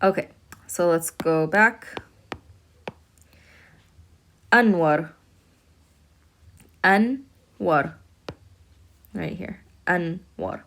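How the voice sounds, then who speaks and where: A woman teaching an online language lesson, talking patiently, repeating words slowly and checking in with "okay?". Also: on the low side, steady tone, gravelly, fairly bright tone. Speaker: Arabic teacher.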